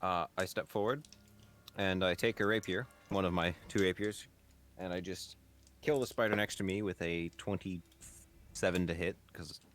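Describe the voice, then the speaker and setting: A man with a fairly low voice takes his turn in a tabletop game. He lays out each of his character's attacks plainly, step by step. A faint noise sits under his voice. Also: steady tone, moderate pace, a bit bright. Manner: matter-of-fact, describing his moves step by step. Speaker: player. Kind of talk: casual tabletop game play.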